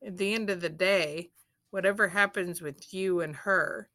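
Woman, podcast co-host, casual chat, blunt, emphatic, curses a lot, fairly low voice. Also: fairly even intonation, measured pace, sharp tone. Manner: blunt, emphatic, swears freely. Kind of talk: casual reality-TV recap chat.

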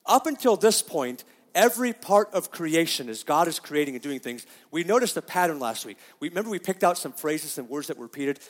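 High-voiced preacher in an echoing hall. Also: male voice, very animated, a little fast. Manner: emphatic, asks the congregation questions. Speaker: pastor. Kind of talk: sermon.

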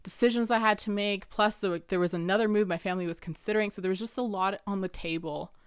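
A woman's voice: medium pitch, fairly even intonation, quick pace, clear, resonant tone, no echo, clean studio sound. A young woman hosting her own show, talking earnestly and personally in a rambling way, laughing now and then and using lots of fillers. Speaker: podcast host. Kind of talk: personal reflective monologue.

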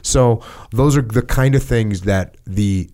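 Calm, reflective American man. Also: on the low side, takes it slowly. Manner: reflective, retells radio calls in a calm level voice. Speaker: podcast host. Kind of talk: casual conversation.

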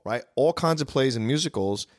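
A man hosting a casual film podcast, telling stories in an animated way. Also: medium pitch, dry recording, studio quality. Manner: animated storyteller, quick asides. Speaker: podcast host. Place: Los Angeles.

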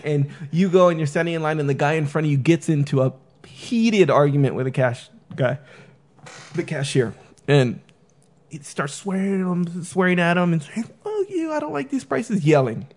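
A man's voice: on the high side, moderate pace, a little mellow. A man in casual conversation, rambling with many fillers and acting out the people he quotes. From San Diego area.

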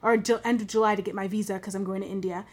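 A young woman chatting casually, telling an animated story and acting out what people said with big jumps in her voice. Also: medium pitch, very fast. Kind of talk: casual chat.

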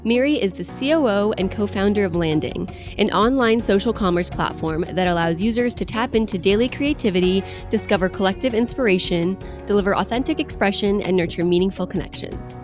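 A woman's voice: mid-range voice, brisk, hardly any pauses, music in the background. A woman in her twenties hosting a podcast, bubbly and enthusiastic, reading her intro and chatting with her guest. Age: 20s. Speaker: podcast host. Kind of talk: scripted intro, then casual interview chat.

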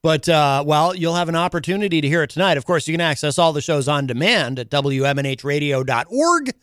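A man hosting a radio talk show in a studio, speaking haltingly with many fillers. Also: fairly high pitch, animated, a bit bright, clean tone, no echo. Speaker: radio host. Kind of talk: casual radio chat. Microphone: studio microphone.

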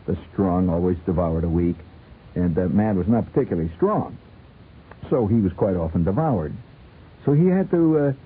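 A man's voice: sits low, breathy edge, narrow, tinny audio. A man hosting a radio show, chatting playfully and rambling, often chuckling as he goes. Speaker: radio host. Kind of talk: late-night radio chat.

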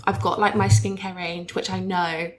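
A woman's voice: on the low side, level tone, normal speed. A woman in her twenties, a guest on a podcast, chatting casually with many fillers and restarts. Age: 20s. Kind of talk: casual chat.

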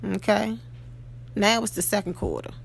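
Gravelly woman giving an emphatic pep talk. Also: medium pitch, sing-song, normal speed, a little hiss or hum. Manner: emphatic, keeps asking "okay?" and "you know?". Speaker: podcast host. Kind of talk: motivational monologue.

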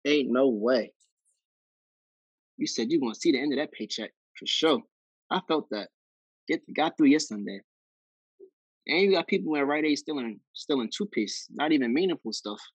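A man with a husky voice hosts a casual podcast and teases his guest with slangy jokes. The sound is dry and close, with no room around it. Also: medium pitch, lively intonation, moderate pace, long pauses, no echo, low-quality recording. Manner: joking, teasing questions, slangy. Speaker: podcast host. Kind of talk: casual chat.

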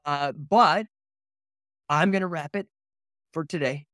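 A man hosting a podcast in a casual, rambling chat, excitable and peppered with slang. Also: a little high, takes it slowly, no room sound, clean studio sound. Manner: excitable, rambling, says "dude" and "man" a lot. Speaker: podcast host.

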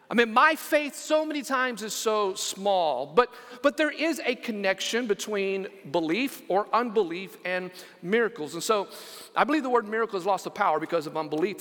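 A man preaching a sermon as pastor, animated and repeating words as he calls on the congregation to respond. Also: high voice. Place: church sanctuary. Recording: long church hall reverb.

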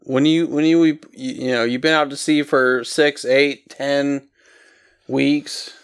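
Male co-host, unhurried delivery, smooth resonant tone, dry humor. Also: mid-range voice, flat delivery. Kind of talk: casual podcast chat.

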